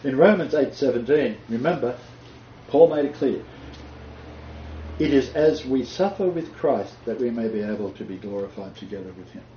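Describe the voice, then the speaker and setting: A man's voice: mid-range voice, expressive, moderate pace. A man leading a casual bible discussion, talking in an emphatic, preacherly way with frequent laughter. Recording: roomy, dull lo-fi recording with faint noise.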